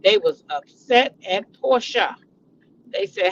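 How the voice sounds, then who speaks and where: A woman's voice: mid-range voice, expressive, measured pace, a little hiss or hum. A middle-aged woman hosting a casual gossip chat. She talks animatedly, repeats names and breaks into dramatic exclamations. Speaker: host. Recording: dull lo-fi recording.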